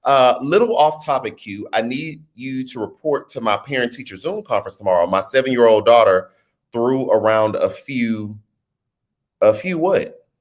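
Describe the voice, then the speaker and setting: A man hosting a casual livestream, reading viewer comments and joking with loud laughter. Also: mid-range voice, moderate pace. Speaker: host of a political livestream.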